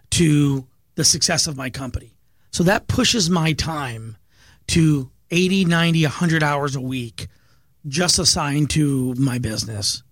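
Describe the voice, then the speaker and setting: A man's voice: a little high, a bit bright, no room sound. A middle-aged man, a business owner and podcast guest, telling stories from his working life in an eager, earnest way and repeating words as he goes. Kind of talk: storytelling in a podcast interview.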